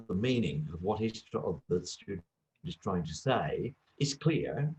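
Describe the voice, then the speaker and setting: A man who works as an English teacher and former examiner, talking through teaching advice in a relaxed interview and acting out little classroom exchanges. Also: deep voice. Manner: lively, acts out little classroom dialogues. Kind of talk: conversational interview.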